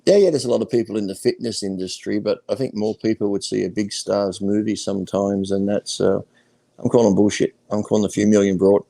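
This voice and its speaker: A man's voice: lowish voice, steady tone, brisk, vocal fry, mellow. An older man, a retired pro bodybuilder telling blunt, crude stories in casual chat. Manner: blunt, crude, boastful anecdotes.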